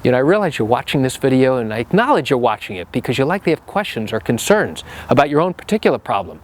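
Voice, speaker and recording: A man's voice: mid-range voice, sing-song, quick pace. A lawyer explaining courtroom practice straight to camera, acting out the trial exchanges in his own voice. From New York.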